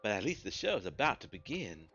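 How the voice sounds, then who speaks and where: A weary yet eager male theatergoer from a fantasy game, as a man puts him on. He talks in a raised, chatty, bright voice. The recording is dull, with soft game music behind. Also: fairly low pitch, sing-song, brisk, exaggerated voice.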